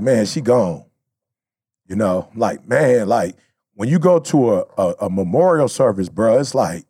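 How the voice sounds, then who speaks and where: A man with a creaky, mellow, slightly rough mid-range voice co-hosts a podcast, recorded clean in a studio with no echo. He talks casually and from the heart, leaning on slang, stressing his points emphatically and repeating them.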